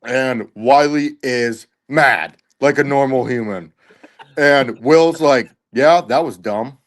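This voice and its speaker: A man's voice: medium pitch, takes it slowly. A man guest on a podcast, telling rambling stories in casual chat and laughing often between lines. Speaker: podcast guest, tournament angler.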